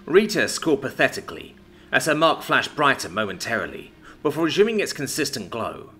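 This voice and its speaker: Lively-voiced male story narrator. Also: medium pitch, a little fast, faint music behind. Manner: expressive dramatic reading. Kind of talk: scripted narration.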